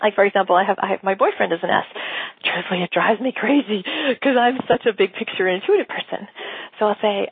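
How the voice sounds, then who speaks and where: A woman business coach talks through ideas in a casual, animated teaching style and keeps slipping into quick acted-out exchanges. Her voice is a little husky and breathy. The recording is dry and tinny, like a phone call. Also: mid-range voice, no echo. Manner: animated, acts out quoted dialogue, laughs often.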